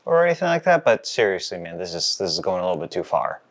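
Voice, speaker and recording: A man's voice: deep voice, very animated, quick pace, voice pushed down. A man playing an annoyed male bystander who cuts into a comedy skit.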